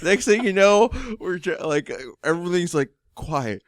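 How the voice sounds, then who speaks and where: Young dude on a podcast, gets loud and animated acting out his story, clean dry sound. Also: sits high, moderate pace, smooth, dry recording. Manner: animated storyteller, acts out quotes. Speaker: podcast co-host. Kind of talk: casual chat.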